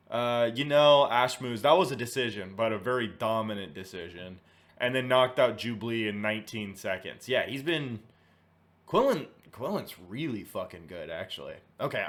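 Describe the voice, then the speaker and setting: A man's voice: medium pitch, a bit bright. A man hosting casual commentary, swearing freely and thinking aloud as he goes through results and picks. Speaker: host.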